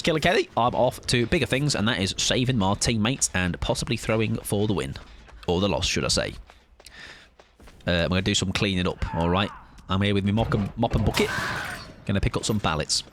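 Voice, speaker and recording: The streamer's voice has a fairly bright tone, with slight background noise. He chats casually with viewers as he games live, saying hi to chat and yelping in high bursts during play.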